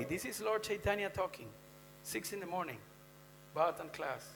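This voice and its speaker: Guy with a kinda gravelly voice doing a scripture class, chatty, keeps asking the crowd stuff, long temple echo, little hum. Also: on the high side, normal speed, long pauses. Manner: conversational, quizzing the audience with "huh?" and "you know?". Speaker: speaker giving a scripture class. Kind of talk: devotional scripture lecture. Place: temple hall. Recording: long hall reverb with faint mains hum.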